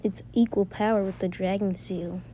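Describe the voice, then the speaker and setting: A woman voicing a patient male ninja teacher in a spoken fan story, calmly explaining. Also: medium pitch, moderate pace, a little hiss or hum, close to an everyday voice.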